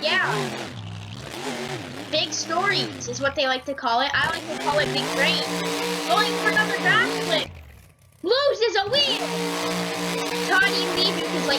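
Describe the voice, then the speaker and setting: A woman YouTuber giving rambling, excitable, jokey commentary over gameplay. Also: very high-pitched, unhurried, pauses often, low-quality recording. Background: loud music.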